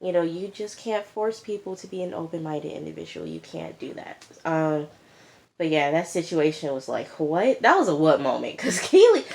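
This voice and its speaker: A woman's voice: deep voice, moderate pace, vocal fry. Chatty woman recapping a TV episode. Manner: animated and chatty, tags points with an emphatic "okay?". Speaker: TV reviewer. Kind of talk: casual recap of a reality show.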